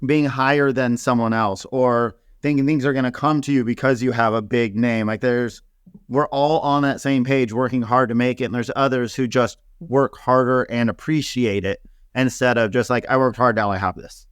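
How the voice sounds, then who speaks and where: A man talking casually in an interview, telling stories in an animated way and full of fillers. His voice sits in a middle range. The recording is dry and close, with no room sound. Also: medium pitch, normal speed, smooth, no room sound. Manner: animated, laughing storyteller with many fillers. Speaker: celebrity hairstylist guest.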